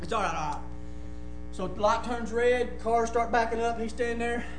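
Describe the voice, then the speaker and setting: A man preaching a sermon, impassioned and often breaking into shouts. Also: extremely high pitch, moderate pace, echoey room, music in the background.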